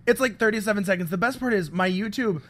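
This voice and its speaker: A man co-hosting a casual fan podcast, retelling scenes in an animated, rambling way with lots of fillers. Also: sits high, quick pace, a little hiss or hum. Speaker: podcast co-host.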